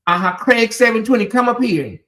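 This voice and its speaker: A man hosting a livestream, chatting with his viewers in an animated way and laughing often. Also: very high voice, a little fast. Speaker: host. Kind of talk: livestream commentary, talking to the chat.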